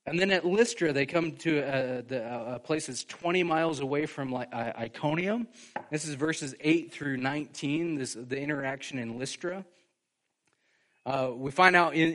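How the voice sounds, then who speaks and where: A male pastor giving a sermon in a conversational, animated way, full of casual asides. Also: on the high side.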